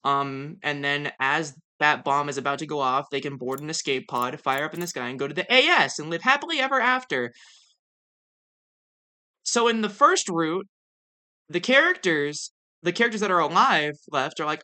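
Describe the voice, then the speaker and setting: A young woman streamer chatting casually over a game, excitable and gushing, often stumbling over her words. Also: sits low. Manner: excitable, gushing, with fast repeated restarts. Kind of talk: casual let's-play commentary.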